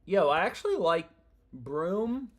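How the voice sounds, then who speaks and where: A young man hosts a casual betting live stream, talking in loose slang and swearing freely. His voice sits a little higher than most men's. He rambles and jumps between thoughts as he works through his picks. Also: sing-song, slow, a bit bright. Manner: slangy, profane, rambling and restless. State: annoyed.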